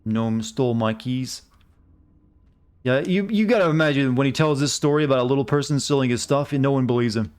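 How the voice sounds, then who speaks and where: Casting: American male streamer, mid-pitch, dry and chatty, riffing with chat while he plays. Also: fast, hardly any pauses. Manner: wry, chatty, talks to chat. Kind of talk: casual live game commentary.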